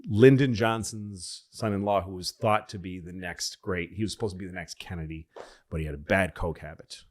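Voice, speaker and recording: Lively low-voiced man telling stories. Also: fairly quick. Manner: animated storyteller acting out quotes in excited higher voices. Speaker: podcast host. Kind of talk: casual storytelling chat.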